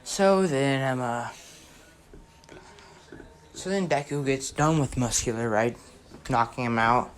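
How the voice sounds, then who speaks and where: A man's voice: medium pitch, slow pace, pauses often. A young man telling a story casually, rambling and often checking in with right?. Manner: rambling, keeps asking right?.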